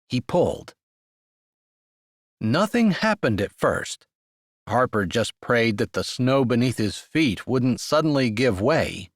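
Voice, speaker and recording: Male audiobook narrator, expressive, measured, lively pitch, dry studio sound. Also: no echo. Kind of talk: scripted narration.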